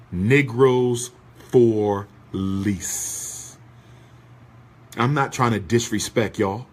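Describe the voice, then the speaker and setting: A man's voice: medium pitch, breathy edge. A man giving an impassioned, preacher-like rant to an audience, full of repeated rhetorical questions. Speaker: speaker addressing an audience. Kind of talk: impassioned ranting speech.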